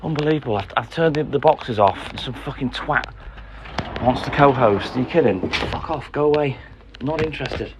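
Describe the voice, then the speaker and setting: A man's voice: mid-range voice, normal speed, noisy background. Grumbling, sweary man. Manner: grumbling, sweary, chatting to viewers and his dog. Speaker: livestreaming milkman. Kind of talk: casual live-stream chat.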